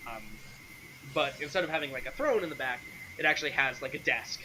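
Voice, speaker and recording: A man narrating a tabletop game as game master in a relaxed way, with frequent ums and uhs. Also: medium pitch, fairly quick, noisy background. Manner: relaxed, many fillers.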